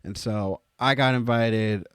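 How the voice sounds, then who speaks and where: A young man on a casual podcast, spinning a story with loose swearing and leaps into high, excited quoted voices. His voice sits at an ordinary middle pitch. The sound is close and dry. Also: takes it slowly, smooth, dry recording. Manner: animated, jumps into high exclaimed quotes, swears freely. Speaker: podcast co-host.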